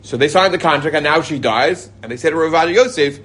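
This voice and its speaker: With a quick pace and a fairly bright voice on the high side, this middle-aged man runs an informal Torah class for a live audience. He reads the Hebrew, then jokes his way through casual English explanations.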